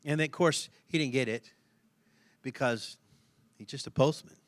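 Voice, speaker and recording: A middle-aged man pastor preaching a sermon in an animated, conversational way, laughing often and repeating himself for emphasis. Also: mid-range voice, normal speed, no room sound.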